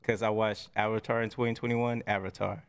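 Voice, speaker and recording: A young man co-hosting a podcast, talking in relaxed, profane slang. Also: lowish voice, brisk, clean tone. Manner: profane, laid-back slang. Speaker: podcast co-host. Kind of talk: casual chat.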